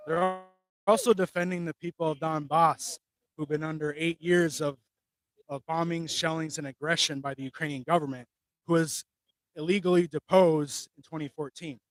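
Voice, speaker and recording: A somewhat high-voiced man giving a street interview at a rally, earnest and argumentative. His voice sits close and dry, with no echo around it. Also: normal speed. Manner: earnest, argumentative, steady political talking points. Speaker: rally attendee being interviewed.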